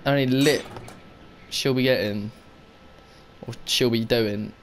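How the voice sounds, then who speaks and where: A man's voice: medium pitch, steady tone, takes it slowly, a little hiss or hum. A young man doing let's play commentary, swearing often and muttering sarcastically to himself. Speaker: gaming YouTuber.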